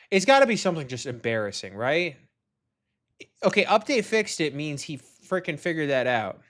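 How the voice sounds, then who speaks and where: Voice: mid-range voice, very animated, moderate pace, pauses often. A young adult hobby game developer commenting casually while coding, exasperated, talking to themself and swearing often. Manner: rants loudly at an online commenter.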